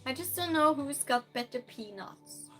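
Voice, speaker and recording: A woman's voice: high voice, lively intonation, a little slow, a bit bright, faint music behind. A woman hosting a live-stream game night, chatting casually, reading chat aloud and playfully scolding and thanking donors.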